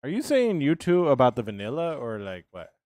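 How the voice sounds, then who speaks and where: A man's voice: mid-range voice, wildly swooping pitch, fairly quick, darkish tone, dry recording, studio quality. A man chatting casually on a live game stream, rambling and answering his viewers' chat as he plays.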